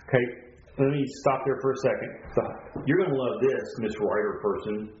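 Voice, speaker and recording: A man leading a casual group Bible study, reading scripture aloud and explaining it in a halting, rambling way with frequent restarts. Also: mid-range voice, a little mellow, a little hiss or hum. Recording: dull echoey room recording.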